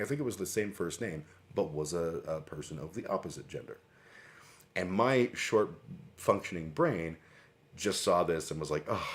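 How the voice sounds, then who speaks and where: A middle-aged man hosting a livestream, telling a rambling story with lots of fillers and casual swearing. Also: very deep voice. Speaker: livestream host. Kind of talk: casual monologue.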